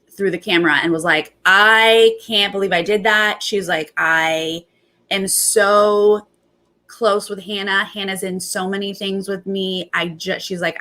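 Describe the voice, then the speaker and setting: A young adult woman hosting a casual recap, retelling events in animated bursts and quoting others. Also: lowish voice. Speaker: host.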